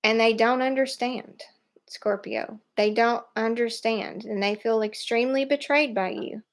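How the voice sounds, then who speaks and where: A woman giving a live tarot reading, speaking in an animated, emphatic way and laughing often. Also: a little high, measured pace. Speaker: tarot reader.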